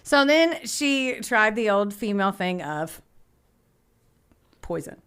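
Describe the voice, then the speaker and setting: A young woman co-hosts a podcast and tells a true-crime story as a casual chat. She talks loosely, fills her sentences with "like", and slips into little voices for the people she quotes. Her pitch sits in the middle for a woman. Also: big pitch swings, slow, fairly bright tone, clean tone. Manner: giggly, chatty, uses "like" a lot, acts out quotes.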